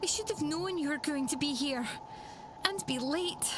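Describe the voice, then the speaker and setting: A man's voice: extremely high pitch, moderate pace, noisy background, pitched above the performer's own voice. A man voicing a flustered, childlike young woman with second sight in a tabletop mystery game, with a breathless, giggly manner. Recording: music playing underneath.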